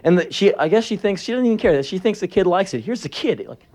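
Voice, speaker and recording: A man performs a live spoken word set, spinning profane, sarcastic anecdotes. His voice sits a bit high and leaps all over the place as he tells them. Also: animated, quick pace, a little mellow.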